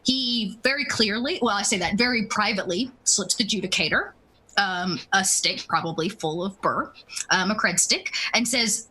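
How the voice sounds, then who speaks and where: A woman's voice: medium pitch, normal speed, sharp tone, breathy edge, rough recording. A woman narrating as game master of a tabletop role-playing game, rambling with many ums and asides.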